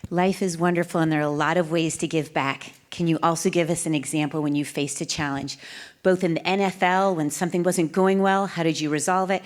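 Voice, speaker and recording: A woman interviewer asking a measured, long, multi-part question. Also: sits low, fairly even intonation.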